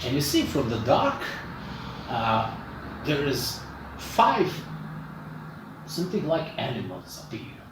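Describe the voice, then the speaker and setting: A man running a tabletop game, narrating slowly with a lively, rising and falling voice. He sounds far from the mic in a reverberant gaming shop, with a faint background hum. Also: mid-range voice. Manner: unhurried, searching for words, animated. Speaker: dungeon master. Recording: echoey room, mic far off.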